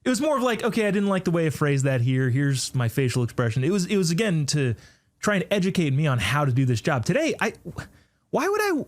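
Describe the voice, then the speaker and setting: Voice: medium pitch, very animated, fast. A talk show host giving a sarcastic political commentary monologue, with mocking asides and a conversational delivery full of restarts.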